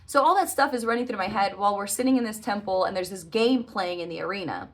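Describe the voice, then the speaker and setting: A woman's voice: mid-range voice, fast. A woman telling a long personal dream story in a casual, earnest way, often correcting herself and padding with "like" and "uh". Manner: earnest, rambling, self-correcting with frequent "like" and "uh". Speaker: vlogger recounting a dream.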